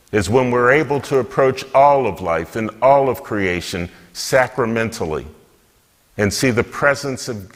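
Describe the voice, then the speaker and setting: A deacon giving an earnest, measured homily. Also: male voice, on the low side, fairly bright tone, long reverb tail.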